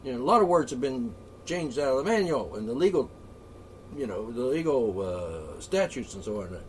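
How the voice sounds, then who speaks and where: A man ranting off the cuff, profane and rambling, with frequent asides and throat-clearing. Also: mid-range voice, very animated, moderate pace, a little mellow. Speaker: political ranter. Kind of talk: off-the-cuff solo rant. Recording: voice a bit far from the mic, faint ambient noise.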